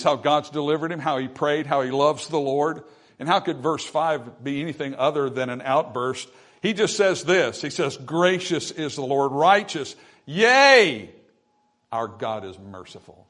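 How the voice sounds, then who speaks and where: A pastor preaches a sermon, his voice swelling loud and then dropping soft as he reads scripture aloud in old-style wording. He speaks at normal speed with a medium pitch.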